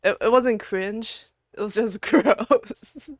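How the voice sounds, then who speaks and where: A woman streaming live, chatting casually with viewers, giggling and breaking into loud outbursts, then muttering to herself while she clicks around. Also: medium pitch, slow pace, no room sound.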